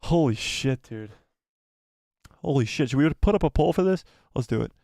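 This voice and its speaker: A man hosting a live watch party stream reads viewer comments in excited, breathless chat, swearing and repeating himself. His voice is medium-pitched, expressive and creaky with a dark tone, at a moderate pace. The sound is dry and close, with no echo.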